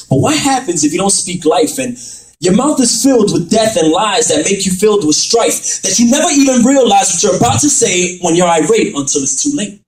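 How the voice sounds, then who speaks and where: A man performing dramatic spoken word poetry, rhyming and building up to shouts. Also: high voice, big pitch swings, moderate pace. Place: church. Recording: echoey room, far from mic.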